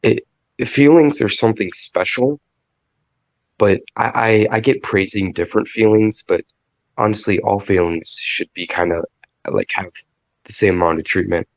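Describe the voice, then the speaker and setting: A man's voice: on the low side, normal speed, no echo, low-quality recording. A man rambling on a podcast as a guest, full of fillers and restarts, with a stuffy nose. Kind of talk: casual podcast chat.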